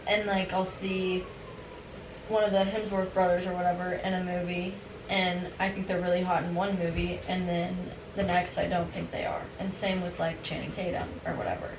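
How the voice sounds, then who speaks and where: A woman's voice: on the low side, steady tone, moderate pace. Chatty woman heard from across an echoey room. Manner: chatty, candid, lots of "like". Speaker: podcast guest. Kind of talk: casual chat. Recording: echoey room, distant mic, hiss.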